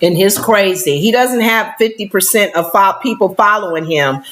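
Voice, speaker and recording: A woman's voice: mid-range voice, moderate pace, fairly bright tone. A woman co-hosting a casual live-stream talk show, chiming in with short agreements and asides.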